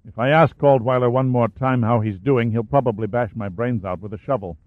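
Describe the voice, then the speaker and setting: A tired, gruff officer played by a man talks low and worn down, as if out of fight. The audio is narrow and phone-like and completely dry. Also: fairly quick, no echo, lightly acted. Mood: weary. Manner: weary, gruff. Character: weary male army officer in a last stand.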